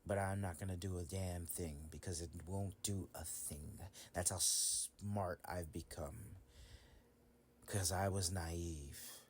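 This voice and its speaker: A man's voice: low voice, steady tone, slow pace, a little hiss or hum. A man making a solo voice recording in whispered role-play style, ranting with lots of cursing and laughter. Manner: whispered, cursing rant, swings to loud laughing outbursts.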